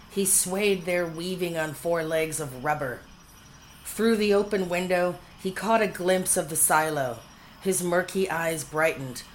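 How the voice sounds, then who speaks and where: A woman reading a storybook aloud in a playful, expressive manner. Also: lowish voice, slight background noise, rough recording. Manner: playful, expressive, shifting into character voices.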